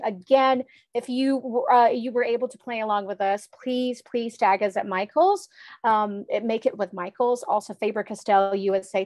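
A bright, high-pitched woman leads an online craft class in a chatty, bubbly way, often laughing at her own slips. Her voice sounds dry and close, with no room around it. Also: no echo. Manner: letter names spoken slowly and softly.

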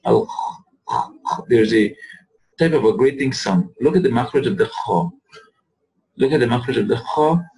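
A man teaching an Arabic lesson, patiently repeating words slowly to show how the sounds are made. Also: mid-range voice, lively intonation, mellow, poor audio. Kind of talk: recorded lesson.

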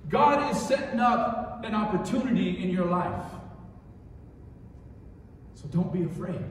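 A male pastor preaching a sermon, swinging between soft and loud, often repeating key phrases for emphasis. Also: high-pitched, a little hiss or hum. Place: church sanctuary. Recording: echoey church hall, mic at a distance.

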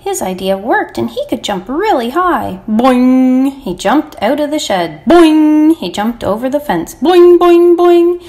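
A woman teacher reading a children's picture book aloud, expressive and animated. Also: on the high side, normal speed, few pauses. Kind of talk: children's storybook read-aloud.

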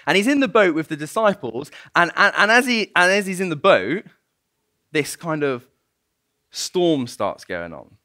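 Lively storytelling man preaching. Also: fairly high pitch, normal speed, no echo. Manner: storytelling, animated, laughs often. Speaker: guest preacher. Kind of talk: sermon.

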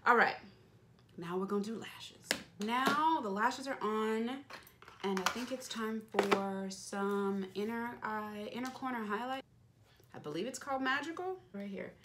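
A woman's voice: fairly high pitch, unhurried, background noise. A young woman beauty vlogger chatting playfully as she narrates each step of her makeup routine. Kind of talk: casual makeup tutorial chat.

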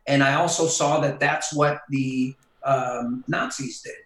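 A man, a guest on a podcast in casual conversation, opinionated and emphatic, often slowing down to stress his points. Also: mid-range voice, fairly even intonation, a bit bright, roomy sound, low-quality recording.

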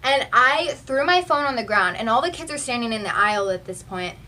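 A young woman from Texas chatting through a storytime vlog, animated and full of "like" fillers, filmed on a phone. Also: on the high side, brisk, recorded from a distance, a little hiss or hum. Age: young adult. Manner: chatty and animated, heavy use of "like". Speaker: vlogger. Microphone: phone camera.

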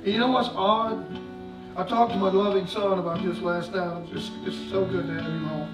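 A middle-aged man preaching a sermon, swinging from shouts to hushed, folksy talk. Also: sits high, level tone, moderate pace, recorded from a distance, over music. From United States. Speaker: pastor. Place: church sanctuary. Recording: echoey church recorded from afar.

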